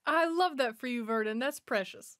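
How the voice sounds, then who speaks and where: A woman's voice: sits high, normal speed, fairly bright tone, slight background noise. A woman giving a chatty, sassy running commentary while watching a film. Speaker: movie watch-along host.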